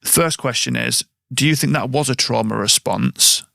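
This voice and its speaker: Male host, gravelly, reflective storyteller, dry close mic. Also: medium pitch, sharp tone, no room sound. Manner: reflective, anecdotal, drawn-out phrasing. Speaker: podcast host. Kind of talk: conversational interview.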